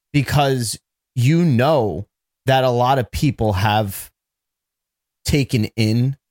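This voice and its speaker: A man's voice: mid-range voice, no room sound, studio quality. A man co-hosting a podcast in casual chat, ranting bluntly with plenty of swearing. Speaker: podcast co-host.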